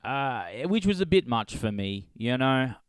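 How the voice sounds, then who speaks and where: A man's voice: medium pitch, very animated, unhurried, clean tone, dry recording. A man hosting a solo comedy podcast, rambling and swearing as he laughs at his own jokes. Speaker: podcast host.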